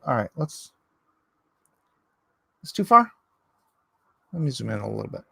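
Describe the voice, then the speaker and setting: Fiddling with his camera in his home studio, a middle-aged livestream host jokes around, rambles, and keeps interrupting himself. His voice is medium-pitched and gravelly, husky, pushed and bright, swinging widely in pitch at an unhurried pace, with no echo.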